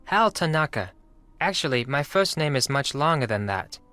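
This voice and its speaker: A man's voice: a little high, very animated, normal speed, pushed and bright, clear, resonant tone, dry recording, soft background music. An actor playing a polite, earnest teenage boy exchange student with a Japanese accent, speaking in formal, careful phrases in a video game.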